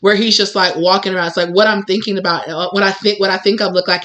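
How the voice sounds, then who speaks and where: A young woman with a medium-pitched, steady, slightly bright voice talks fast in a casual tarot reading monologue for her channel. She's candid and emphatic, speaking in a loose, chatty way full of "like" and "you know."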